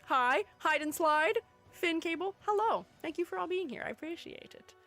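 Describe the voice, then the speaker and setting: A woman's voice: very high voice, animated, moderate pace, pushed and bright, faint music behind. A woman streamer in casual livestream chat, playful and chatty, reading her viewers' messages aloud and answering them. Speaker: streamer ranking game character designs.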